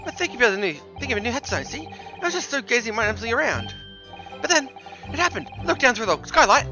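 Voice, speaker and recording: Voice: medium pitch, sing-song, fast talker, dull audio, pitched above the performer's own voice. A streamer voicing a chatty, self-assured Cockney witness in a courtroom game, with game music behind. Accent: Cockney, put on. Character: Cockney man, a city banker witness.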